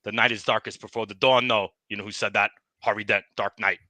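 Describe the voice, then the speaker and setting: Man doing a sore, trash-talking bowling ball, very bright tense voice, dry close sound, comedy podcast bit. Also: on the low side, fairly even intonation, fast talker, dry recording. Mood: boastful. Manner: boastful trash talk, repeats the host's name. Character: aggrieved urethane bowling ball, tough-talking male. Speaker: guest.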